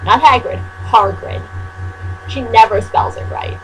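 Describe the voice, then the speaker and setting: A woman's voice: fairly high pitch, unhurried, faint music behind, rough recording. Sarcastic woman reading with wry asides. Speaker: fan fiction reader and commentator. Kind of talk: comedic reading with commentary. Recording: steady mains hum.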